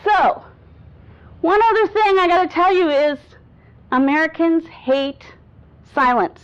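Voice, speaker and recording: A woman speaking coach giving a lively workshop talk to a live audience, acting out voice examples and laughing often. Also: very high voice, a little slow. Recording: dull lo-fi sound.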